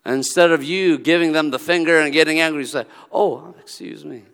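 A man preaching a sermon in a relaxed, storytelling way, acting out the dialogue of the people in his stories. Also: a little high, quick pace, clear, resonant tone. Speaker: pastor. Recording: long reverb of a large hall.

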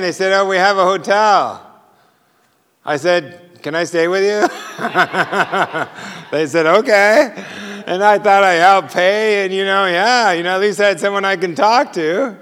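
High, bright man preaching in a hall. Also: smooth. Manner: animated storyteller who chuckles at his own punchlines. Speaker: preacher sharing testimony. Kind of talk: storytelling sermon. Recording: long hall reverb.

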